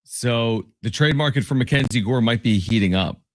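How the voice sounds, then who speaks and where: A man's voice: medium pitch, moderate pace, no room sound, studio quality. A man co-hosting a sports talk show, chatting casually, joking and laughing often. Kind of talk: casual chat.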